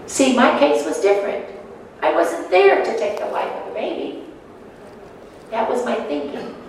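A woman tells her own story to an audience, earnest and emotional, in a personal testimony talk. Her voice is high-pitched, expressive, gravelly, and a little mellow at a moderate pace, recorded from far off in an echoey hall with faint noise.

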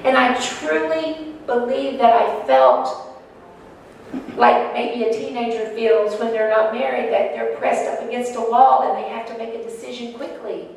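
A woman's voice: fairly high pitch, fairly even intonation, measured pace, gravelly, a little mellow. A woman telling her own story to an audience in an earnest, emotional way. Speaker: speaker sharing personal testimony. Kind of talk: personal testimony talk to an audience. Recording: echoey hall from far off, faint noise.

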